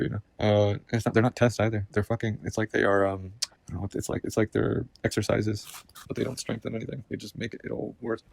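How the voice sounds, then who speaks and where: A man's voice: on the low side, creaky, darkish tone. A man talking to camera in a rambling, agitated personal monologue, swearing constantly and repeating himself. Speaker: vlogger.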